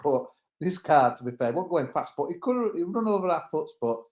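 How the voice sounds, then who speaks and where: Animated East Midlands man, pod regular, rambling anecdotes, echoey room. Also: a little high, brisk, dull audio. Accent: English East Midlands. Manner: rambling storytelling with laughs. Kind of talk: casual podcast chat.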